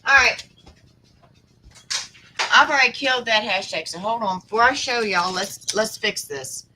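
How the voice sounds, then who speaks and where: A woman's voice: a little high, lively intonation, normal speed, bright, forceful tone, a little hiss or hum, poor audio. A woman, hosting a live stream in a motherly, encouraging way. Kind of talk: casual live stream chat.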